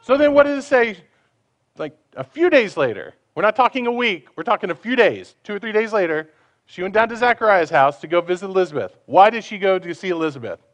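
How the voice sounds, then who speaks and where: Lively conversational man preaching a sermon. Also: high voice, brisk. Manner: conversational, asks the listeners questions, acts out quoted voices.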